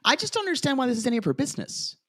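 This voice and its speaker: A man co-hosting a casual podcast, with a voice that swoops lively up and down as he retells scenes and slips into quick impressions of the cast. The sound is close and dry. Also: extremely high pitch, no echo. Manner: animated, quotes cast members in put-on voices. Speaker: podcast co-host. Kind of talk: casual chat recapping a reality show.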